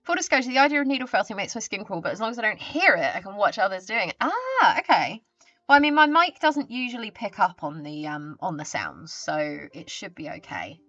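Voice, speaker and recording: A woman's voice: mid-range voice, big pitch swings, brisk, sharp tone, no echo, muffled recording, soft background music. A woman live streamer chatting casually with her viewers. She greets them and reads their messages aloud, talking into a desk mic with a pop filter.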